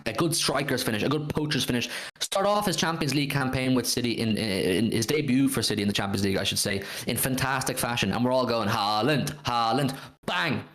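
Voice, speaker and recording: A man's voice: mid-range voice, fast talker, a bit bright. A man hosting a casual football fan livestream, reading out viewers' comments and swearing now and then. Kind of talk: casual live-stream chat.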